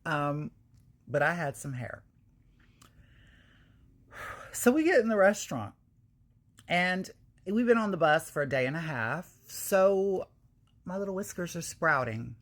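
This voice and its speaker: A woman hosting her own channel, telling a candid personal story to viewers in casual, animated talk with frequent swearing. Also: fairly low pitch, a little slow, long pauses. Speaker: channel host.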